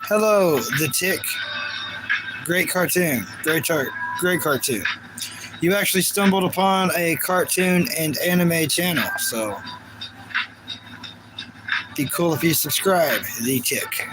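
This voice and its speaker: A man's voice: on the high side, expressive, slow, pauses often, poor audio. American guy streaming live, chatty and repetitive, saying hi to chat, music blasting in the back. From United States. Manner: repetitive, greets viewers one by one. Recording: loud music playing behind. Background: loud background music.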